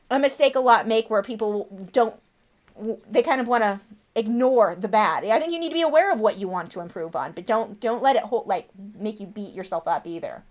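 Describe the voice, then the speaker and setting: Chatty woman hosting an art livestream. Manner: chatty, coos high at her pet bird. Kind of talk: casual livestream chat.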